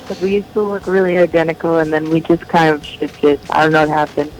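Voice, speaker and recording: A woman's voice: sits low, fairly even intonation, brisk, low-quality recording. A woman musician interviewed as a guest, chatting casually with dry, offhand humor.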